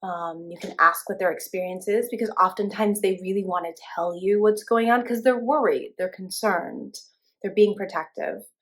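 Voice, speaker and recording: A young woman leads a spiritual class in a loose, conversational way. She talks casually, with plenty of fillers and restarts. Her pitch sits in an ordinary middle range. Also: normal speed. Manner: relaxed, chatty, many fillers and restarts. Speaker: spiritual teacher.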